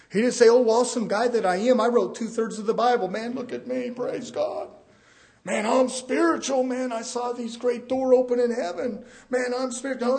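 Fiery high-pitched preacher man. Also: slightly rough. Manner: fiery preaching, swings from low asides to shouted peaks. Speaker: pastor. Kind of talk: sermon.

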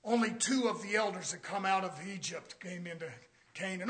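A male preacher delivering a fiery sermon in a church, blunt and confrontational, swinging from shouting to hushed near-whispers. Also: high-pitched, normal speed, husky. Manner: blunt, confrontational, repeating phrases.

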